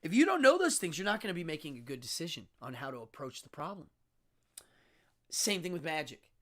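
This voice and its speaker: A man who works as a magician and occultist, hosting a live show and talking casually with a dramatic, animated manner and stumbling restarts. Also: fairly high pitch, a little fast. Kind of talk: casual livestream monologue.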